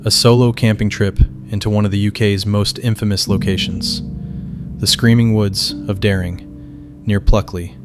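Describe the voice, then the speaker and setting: A man with a lowish voice narrates in a measured, even way. Soft music plays underneath his scripted storytelling.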